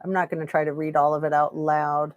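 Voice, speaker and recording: A woman's voice: sits low, flat delivery, a little fast, no echo, lo-fi sound. A woman hosting a casual true crime live stream, sarcastic and opinionated, reading chat aloud. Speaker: true crime commentary host.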